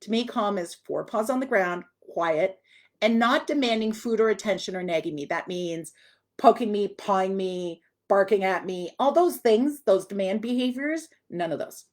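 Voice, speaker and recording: A woman dog trainer teaching a live online class in a chatty, direct way. Her voice sits at an ordinary middle pitch. She speaks to viewers as if they are training alongside her. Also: lively intonation, normal speed, darkish tone.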